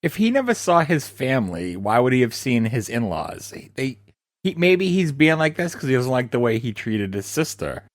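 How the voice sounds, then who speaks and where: Male podcast regular, highly animated intonation, terse skeptical quips. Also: normal speed. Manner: short skeptical interjections. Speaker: podcast co-host. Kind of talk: casual chat.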